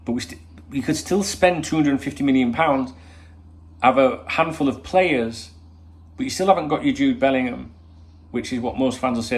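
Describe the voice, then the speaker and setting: A man's voice: medium pitch, moderate pace. Rambling man, rhetorical asides. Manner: rambling, rhetorical questions, swears freely. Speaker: football channel host. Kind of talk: casual opinion monologue.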